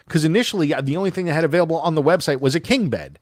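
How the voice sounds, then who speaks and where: A man tells a long story on a casual podcast. He is animated and acts out each person's lines as he goes. The sound is dry and close, with no room around it. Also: on the high side, rapid-fire, few pauses, dry recording. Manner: animated, acts out quoted voices. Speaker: podcast co-host.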